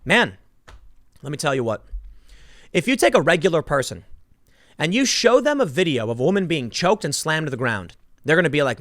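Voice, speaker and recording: A man delivers sarcastic, emphatic political commentary, swinging his fairly high voice up and down as he tells his story. The sound is dry and close to the mic, with no room echo. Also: very animated, a little fast, pauses often, fairly bright tone. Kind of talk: opinionated commentary vlog.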